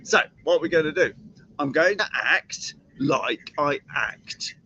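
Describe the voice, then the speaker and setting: A man's voice: fairly high pitch, lively intonation, slow pace, sharp tone, highs cut off, slight background noise. A man teaching about horses in a chatty live-stream talk, often asking rhetorical questions. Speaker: horse trainer.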